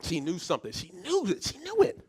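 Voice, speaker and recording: A man who is a psychologist, giving a motivational talk as a lively story, often restarting and repeating words. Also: high voice, brisk, breathy edge. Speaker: psychologist and speaker.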